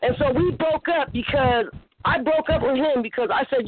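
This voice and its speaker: A woman in a casual podcast chat, telling stories in an animated, slangy way. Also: high voice, normal speed. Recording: tinny phone line with faint noise.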